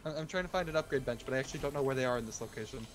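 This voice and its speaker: A man's voice: mid-range voice, very fast, soft background music. A man chatting casually with friends while gaming, easygoing and explaining how things work. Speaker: gamer on a group stream.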